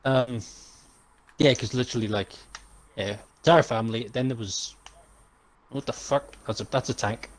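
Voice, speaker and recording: A man's voice: mid-range voice, moderate pace, poor audio. A young man co-hosting a casual podcast chat, rambling and jokey, swearing often. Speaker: podcast co-host.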